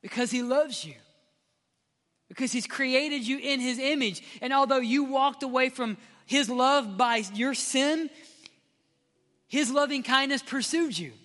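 A man preaching a sermon as pastor, passionate and swinging from loud appeals to hushed, near-whispered prayer. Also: very high-pitched, measured pace. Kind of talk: sermon with altar-call prayer. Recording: hall reverb with faint music.

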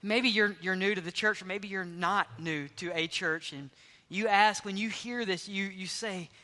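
A man preaching as pastor, emphatic, often dropping to hushed tones for stress. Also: high-pitched, normal speed. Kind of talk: sermon. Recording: long hall reverb.

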